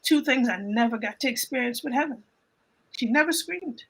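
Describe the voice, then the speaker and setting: A woman telling an emotional personal faith story in a casual panel chat, animated and often repeating her phrases. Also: a little high, moderate pace, slightly rough, rough recording. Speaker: guest on a livestream panel.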